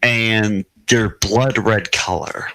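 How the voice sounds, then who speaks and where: A man's voice: lowish voice, slow, gravelly, pushed and bright, a little hiss or hum, poor audio. A man running a tabletop game as game master, laughing often and restarting his sentences.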